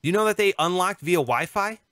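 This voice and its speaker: Lively high-voiced joking man. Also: a little fast, a crowd in the background. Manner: animated, jokey, acts out quotes. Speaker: podcast co-host. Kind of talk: casual chat, storytelling.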